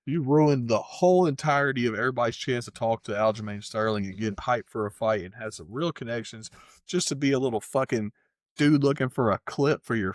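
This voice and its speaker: A man's voice: mid-range voice, no room sound, studio quality. A man co-hosting a podcast, ranting heatedly in casual chat and swearing constantly. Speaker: podcast co-host.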